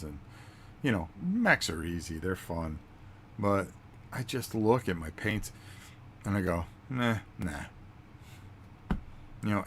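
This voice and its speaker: Deep-voiced man telling a rambling story. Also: fairly bright tone, slight background noise. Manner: rambling storytelling with fillers and acted-out quotes. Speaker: vlog host. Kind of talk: casual chat.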